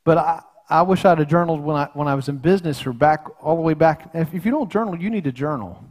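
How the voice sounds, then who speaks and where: Folksy middle-aged male pastor, slightly high voice, earnest sermon delivery with frequent restarts. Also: quick pace, darkish tone. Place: church sanctuary.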